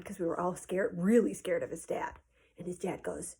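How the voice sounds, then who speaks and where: A woman tells a childhood story to her class from home, chatty and animated. She fills the pauses with ums and likes. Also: on the low side, gravelly, slightly rough. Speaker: teacher telling stories to her class. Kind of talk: casual spoken storytelling.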